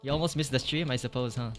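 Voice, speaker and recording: A man streaming a video game live, chatting casually with his viewers and reacting out loud to what happens on screen, from a home setup on a desk mic. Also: mid-range voice. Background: game music.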